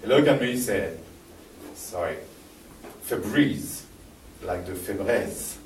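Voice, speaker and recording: A man's voice: sits low, normal speed, darkish tone, slight background noise. A man with a French accent giving a live talk, telling a personal story with many restarts and fillers, recorded in a library hall. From France. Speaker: presenter. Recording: echoey hall from far off, faint ambience.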